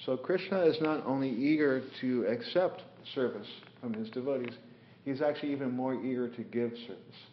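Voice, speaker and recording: A man's voice: medium pitch, moderate pace, a little hiss or hum. A man teaching a scripture class, telling stories unhurriedly with many fillers and voicing the figures in them. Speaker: spiritual teacher. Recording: echoey room, dull lo-fi sound.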